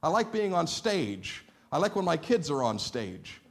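Animated pastor man preaching. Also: fairly high pitch, a little slow, creaky. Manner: animated, playful storyteller who acts out dialogue. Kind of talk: sermon with personal storytelling. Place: church sanctuary.

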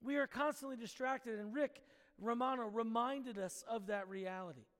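Guy pastor preaching, real high voice, echoey church sanctuary. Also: normal speed, fairly bright tone. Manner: earnest storytelling preacher, prays then tells a story. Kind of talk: sermon.

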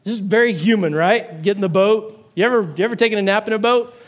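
A man's voice: high-pitched, quick pace. A man preaching a casual sermon, repeating words and quizzing his congregation with questions. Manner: repeats words while thinking. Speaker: pastor.

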